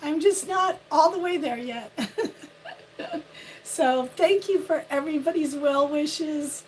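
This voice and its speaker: High-voiced lady mostly lost her voice to a cold, chatty morning stream from home, hoarse and laughy. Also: slow, darkish tone, a little hiss or hum. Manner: chatty, laughing at her own voice, greeting viewers by name. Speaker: live stream host. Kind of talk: casual morning live stream chat. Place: home on a windy ridge.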